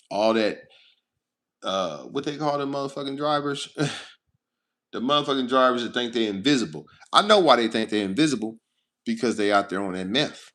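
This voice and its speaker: A trucker talking straight to his audience in a blunt, cursing, no-nonsense way. His voice sits at an ordinary middle pitch for a man, and his loudness and tone rise and fall as he tells his road stories. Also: normal speed. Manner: blunt, heavily profane storytelling. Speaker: truck driver. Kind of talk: casual straight-to-camera talk.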